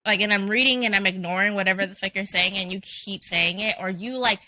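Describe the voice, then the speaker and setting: Bright, giggly woman chatting. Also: medium pitch, quick pace. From Canada. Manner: giggly, animated, swears freely. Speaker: guest. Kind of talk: casual podcast chat.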